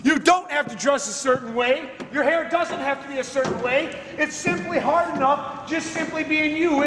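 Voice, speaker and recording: Captured from a distance in an echoey hall with a noisy background, this man gives schoolchildren an emphatic, preachy motivational talk full of street slang and questions for the audience. His pitch is extremely high.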